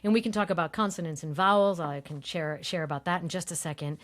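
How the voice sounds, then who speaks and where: Animated woman voice coach, lowish voice. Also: fast. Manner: animated, demonstrates voice techniques, laughs easily. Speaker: voice coach guest. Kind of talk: explanatory interview talk.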